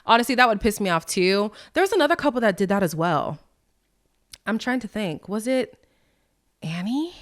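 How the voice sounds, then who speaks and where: Lively and quick to leap in pitch, this female podcast host chats through a casual recap. She's sassy and candid, often turning to her listeners with frank asides.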